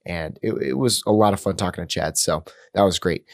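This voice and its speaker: A man's voice: low-pitched, animated, a little fast, vocal fry, no room sound, studio quality. A man hosting a movie podcast in casual chat, enthusiastic and upbeat, often repeating words as he goes. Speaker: podcast host.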